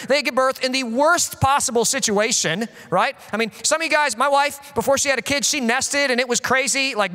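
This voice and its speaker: A man in his thirties, a pastor preaching a sermon and telling stories in an animated, joking way with acted-out quotes. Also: extremely high pitch, big-room sound. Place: church.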